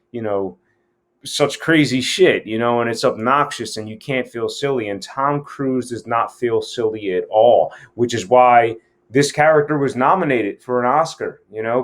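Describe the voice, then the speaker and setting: A man's voice: medium pitch, normal speed. A man giving a casual scene-breakdown lesson as an acting coach, speaking frankly and with plenty of profanity.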